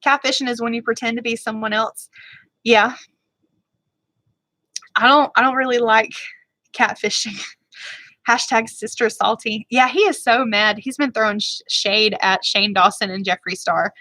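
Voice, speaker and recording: A woman beauty vlogger chats with her viewers during a casual livestream. Her voice is bright and forceful and sits a little high. She rambles, gets fired up and talks quickly, in a dry, close sound. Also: fairly even intonation, no room sound, poor audio.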